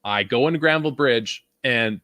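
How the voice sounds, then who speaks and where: Young man, from Vancouver, podcast co-host, animated rant, bright tone, dry close sound. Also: medium pitch, normal speed, no echo. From Vancouver, Canada. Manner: animated, swearing, laughing ranter. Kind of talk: casual podcast chat.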